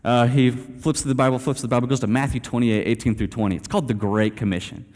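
A man's voice: mid-range voice, fairly even intonation, fast talker, darkish tone. A young man from Texas telling a story in a sermon, casual and self-deprecating, dropping "man" and "like" throughout. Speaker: preacher. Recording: reverberant hall.

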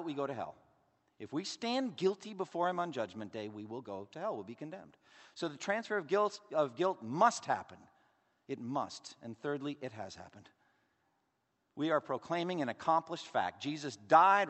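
Animated preacher in a reverberant hall. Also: male voice, mid-range voice. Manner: emphatic, rhetorical questions, swings from loud to hushed. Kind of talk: sermon.

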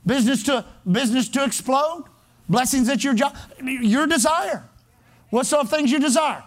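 A man with a strikingly high voice preaches a sermon. He pounds his points with repeated phrases in a steady pulpit cadence. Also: moderate pace. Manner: emphatic, repetitive preaching cadence. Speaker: pastor.

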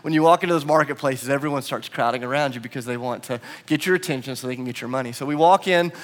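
A man's voice: medium pitch, fast talker. A male pastor preaching a sermon, telling a story with self-deprecating humor and building to emphatic repetition.

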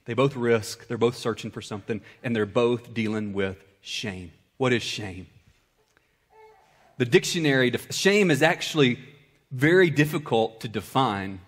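A male pastor preaching a sermon, swinging between loud, high-pitched bursts and hushed, low-voiced passages. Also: expressive, measured pace.

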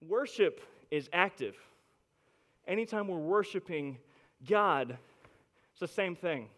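A young male pastor with a high-pitched voice delivers a sermon. He is emphatic and restarts his phrases, moving between hushed, close passages and ringing, forceful declarations. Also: lively intonation, slow. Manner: emphatic, repeats words, swings from quiet to loud.

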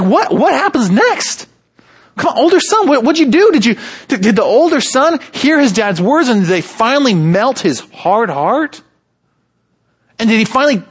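A man preaching a sermon, animated, moving from low measured stretches to high emphatic ones and acting out quoted speech. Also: husky. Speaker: pastor.

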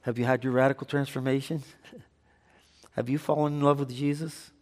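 A man's voice: medium pitch, level tone, normal speed, a little mellow. A man preaching a sermon as pastor, switching between earnest teaching and light banter with the congregation. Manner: conversational preaching with audience banter. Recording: long hall reverb.

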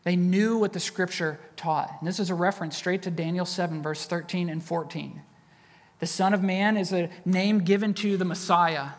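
A man's voice: sits high, steady tone, normal speed. A male pastor preaches a sermon in a loose, conversational way. He restates his points and keeps asking the congregation questions. His voice rings out with the long reverb of a church hall.

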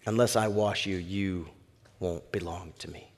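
A man preaching who voices a calm, gentle male teacher, dropping low and quiet and speaking slowly. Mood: gentle firm. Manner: soft, slow and low.

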